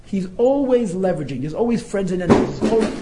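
A man teaching a text-study class, talking in an animated way, often laughing and acting out what people say. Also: high voice, quick pace, heavy background noise. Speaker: Torah teacher.

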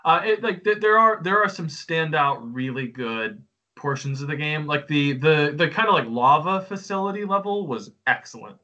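Bright-toned man on a dull mic. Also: on the high side, lively intonation, moderate pace. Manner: enthusiastic, stumbling restarts. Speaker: podcast co-host. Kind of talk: casual game review chat.

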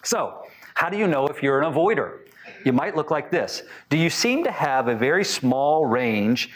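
A man's voice: fairly high pitch, big pitch swings, moderate pace. Man teaching with many questions. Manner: conversational, asks the audience many questions, acts out quotes. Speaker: speaker teaching on attachment styles. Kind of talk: talk to a live audience.

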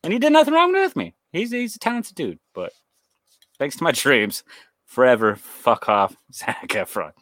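A man's voice: medium pitch, very animated, moderate pace, a bit bright, dry recording. A young man co-hosting a horror podcast, telling rambling stories in casual chat, swearing often and acting out the voices of people in his stories. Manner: rambling storyteller, swears a lot, acts out quoted voices. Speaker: podcast co-host.

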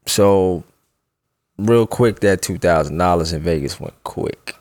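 A man's voice: low-pitched, measured pace, darkish tone, no echo, studio quality. A young man telling a personal story in a loose, slangy, casual way, often breaking into laughter.

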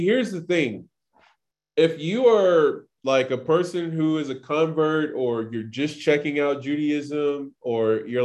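A man whose voice is fairly high and a little mellow leads a casual scripture study as a Torah teacher. He covers the passage loosely and conversationally, leaning on filler words and acting out quotes.

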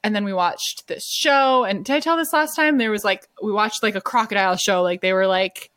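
A woman's voice: mid-range voice, a little fast, a bit bright, no echo, studio quality. A woman co-hosting a podcast, chatting casually in a gushing, rambling way full of fillers. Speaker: podcast co-host. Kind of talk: casual chat.

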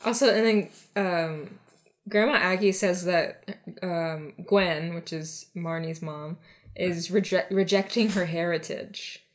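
A woman's voice: fairly low pitch, steady tone, slow pace. Rambling woman recapping a movie. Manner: rambling, full of fillers. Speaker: podcast co-host. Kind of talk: casual movie recap chat.

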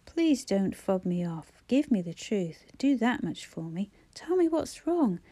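A frantic brother, his pleas climbing high and breaking toward shouts, as a woman reads him. The tone stays mellow and dark underneath, with wide swings in pitch. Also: sing-song, normal speed, husky. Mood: pleading. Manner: agitated, rising to near-shouts. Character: distraught young man pleading with his dying sister.

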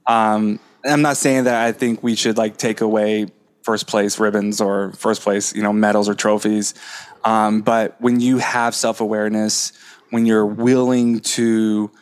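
Podcast guest, male, low and flat-toned, impassioned and spiritual. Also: unhurried. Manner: impassioned, spiritual, repetitive emphasis. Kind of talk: casual conversational interview.

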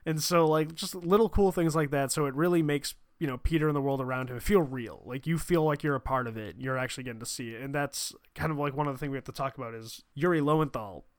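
A man with a slightly raised voice talks warmly about a video game in an easygoing chat. His enthusiastic, earnest delivery is recorded dry and close, with no room sound. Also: on the high side, fast, hardly any pauses, dry recording. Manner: enthusiastic, earnest, filler-heavy. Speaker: podcast co-host. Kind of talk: casual game discussion.

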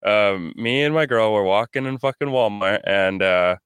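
A man's voice: on the low side, moderate pace, a bit bright, smooth, dry recording. A young man co-hosting a podcast, telling a rambling, profane story in casual chat. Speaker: podcast co-host.

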